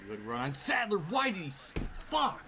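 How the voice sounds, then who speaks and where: A man streaming live from home talks through a racing game, exasperated and swearing freely, with laughs breaking in. His voice swings widely up and down. Steady noise is clearly heard under his voice. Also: high-pitched, moderate pace. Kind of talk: live gameplay commentary.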